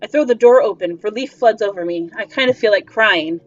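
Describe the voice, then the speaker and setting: A woman's voice: mid-range voice, fairly quick. Woman reading a visual novel aloud. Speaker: game player and reader. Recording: slightly dull lo-fi recording. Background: faint music.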